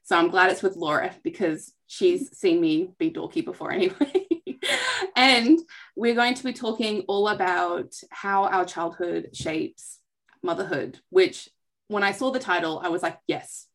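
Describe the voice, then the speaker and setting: A woman's voice: on the low side, steady tone, measured pace. An Australian woman hosting a live online interview, chatty and self-deprecating, talking over a video call. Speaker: host, counsellor.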